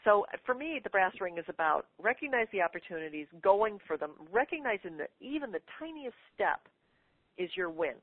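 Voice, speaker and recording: A middle-aged woman telling a lively personal story as a guest on a radio interview. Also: mid-range voice, fairly quick, no room sound. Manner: lively, animated anecdote-telling. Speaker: guest author. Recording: tinny phone line, dry.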